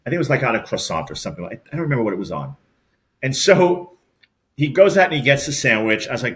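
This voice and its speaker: A middle-aged man with a New York accent, a podcast co-host rambling through animated stories in casual chat. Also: medium pitch, quick pace. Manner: rambling, animated storyteller with many restarts.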